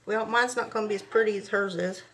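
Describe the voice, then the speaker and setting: A woman's voice: mid-range voice, fairly even intonation, quick pace, a bit bright, slight background noise. A woman visiting a friend's live craft stream, chatting casually and laughing at her own clumsiness. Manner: self-deprecating, laughs it off. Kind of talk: casual chat.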